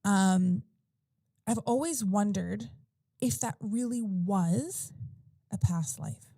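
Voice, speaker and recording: A woman talks through a personal story on a casual podcast, circling back, restarting sentences and leaning on fillers. Her voice is warm and relaxed in tone, and the sound is dry and close with no room around it. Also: medium pitch, slow, no room sound. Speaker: podcast guest or host.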